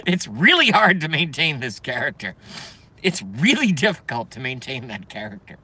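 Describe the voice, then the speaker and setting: A man's voice: medium pitch, big pitch swings, moderate pace, sharp tone, breathy edge. A man ranting live from his car, profane and exasperated, reacting to his viewers. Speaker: host. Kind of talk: live rant.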